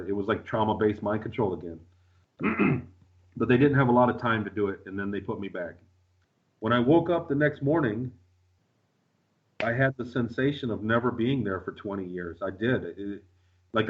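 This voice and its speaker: A man's voice: lowish voice, narrow, tinny audio. A man telling his story as a radio interview guest, rambling with lots of fillers and restarts.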